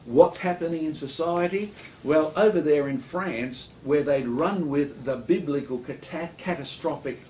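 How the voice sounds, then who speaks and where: A man's voice: fairly high pitch, measured pace, a little hiss or hum. Lecturing man in a roomy studio. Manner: lecturing, animated storyteller with joking asides. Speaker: guest speaker. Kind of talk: studio talk show discussion.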